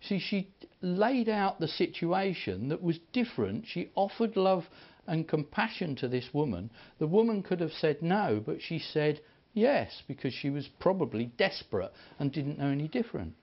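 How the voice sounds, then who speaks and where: A man preaching, telling stories in an animated way and acting out the people he quotes. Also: fairly high pitch, moderate pace, few pauses. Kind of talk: sermon storytelling. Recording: dull lo-fi recording.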